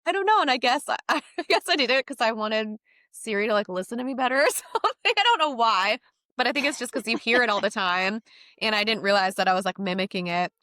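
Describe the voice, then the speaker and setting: A young woman, a content creator and voice actor, chatting in a casual interview, lively and laughing often as she slips into playful voices. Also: on the high side, fast talker, dry recording, studio quality.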